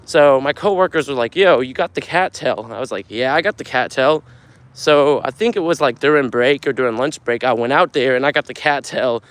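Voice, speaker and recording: A young man chatting on a casual live stream, reading out viewer comments and telling stories in an animated, foul-mouthed way. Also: mid-range voice, fairly quick. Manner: animated storyteller, swears a lot, gets loud when telling a story. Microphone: phone camera.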